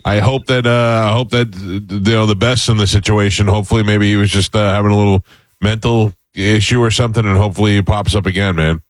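A man's voice: fairly low pitch, steady tone, brisk, dry recording. A man hosting a morning radio show, chatting and plugging promotions in the studio.

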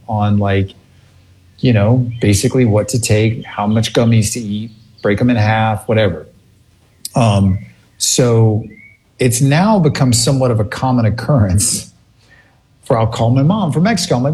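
Middle-aged man, casual chat, rambling animated storytelling, laughs often, mid-pitched voice.

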